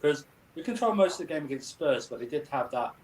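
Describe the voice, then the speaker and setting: A man's voice: on the high side, animated, fast, a crowd in the background, low-quality recording. Easygoing man chatting football. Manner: easygoing, agreeable. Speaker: co-host of a watchalong. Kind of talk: casual football chat.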